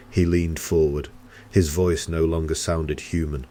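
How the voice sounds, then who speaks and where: A man narrating a first-person horror story in a steady, tense storytelling manner. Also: rumbling low, measured pace.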